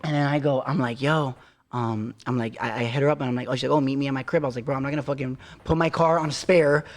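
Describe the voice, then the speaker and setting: A man casually telling animated, profane stories on a podcast, acting out the quotes. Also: medium pitch, quick pace. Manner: animated, swearing, acts out quotes. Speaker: podcast co-host. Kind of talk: casual storytelling chat.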